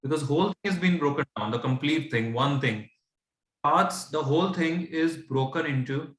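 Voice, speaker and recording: A man's voice: fairly high pitch, normal speed, fairly bright tone, reverberant. A man with an Indian English accent patiently teaching fractions, often stopping to check that his student follows. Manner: patient, asks checking questions, mixes English and Hindi. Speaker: tutor. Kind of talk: explaining fractions.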